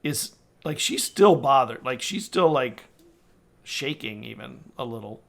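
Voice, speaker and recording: A man narrating as game master of a tabletop game, halting and slow, with many fillers. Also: mid-range voice, animated, gravelly. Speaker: dungeon master.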